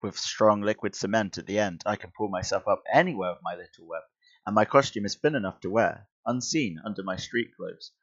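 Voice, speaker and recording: Man reading cocky teen science hero, comic-book declaiming, low voice, dull lo-fi audio. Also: brisk, fairly bright tone. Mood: plotting.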